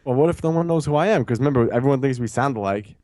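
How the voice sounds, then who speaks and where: A man with a New York accent co-hosting a fitness podcast in casual chat, excitable and quick to stumble over his own words. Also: mid-range voice, no room sound, clean studio sound. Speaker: podcast co-host.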